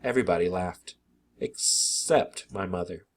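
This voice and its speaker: A man reading a children's book aloud in an expressive, animated narration. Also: low-pitched, measured pace.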